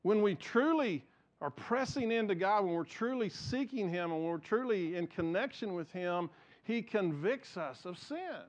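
A man's voice: sits high, lively intonation, moderate pace. A man, a pastor in his forties, preaching a sermon earnestly and often repeating words as he builds his points.

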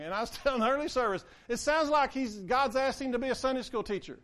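A man's voice: very high-pitched, quick pace, few pauses. A man preaching a conversational sermon, acting out the quotes he reads. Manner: conversational, animated, acts out quotes. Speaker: pastor.

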